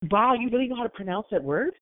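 A woman's voice: fairly high pitch, rapid-fire, no room sound. A woman chatting casually as a podcast co-host. She tells stories with energy and acts out other people's lines in changed voices. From Maryland, USA. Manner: animated storyteller who acts out quotes in other voices. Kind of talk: casual chat. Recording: dry, tinny phone-like sound.

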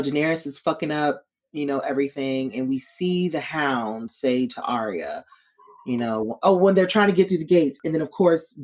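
Lively low-voiced woman recapping a show. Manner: animated, profane, acts out characters in quoted voices. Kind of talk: casual recap chat.

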